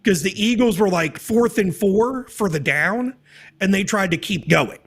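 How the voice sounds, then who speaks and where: A man's voice: high-pitched, animated, measured pace, creaky, a bit bright. A man co-hosting a podcast, talking in a loose, profane and rambling way as he chats casually. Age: adult parent. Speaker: podcast co-host.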